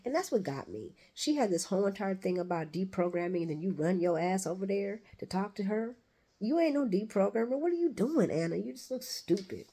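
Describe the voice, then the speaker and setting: A woman's voice: medium pitch, lively intonation, brisk, dark tone, slightly rough. A woman giving a blunt, casual recap of a soap opera, talking back at the characters and swearing freely.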